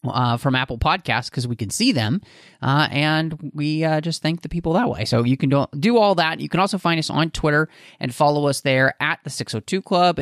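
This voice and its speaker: A man's voice: medium pitch, a bit bright, no echo, studio quality. A man hosting a podcast in a casual, chatty way, with frequent fillers as he reads plugs and reminders. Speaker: podcast host.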